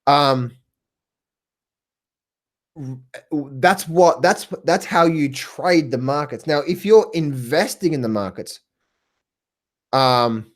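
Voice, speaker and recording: A man with an Australian accent coaching traders on a live stream. He talks excitedly, repeats himself, laughs often and calls viewers by name. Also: a little high, takes it slowly, long pauses. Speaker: trading coach. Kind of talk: live stream talk answering viewers in chat.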